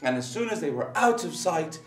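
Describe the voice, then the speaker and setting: A man telling a children's story in an animated way, acting out sounds and voices. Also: fairly high pitch, moderate pace. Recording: roomy, distant mic, faint music.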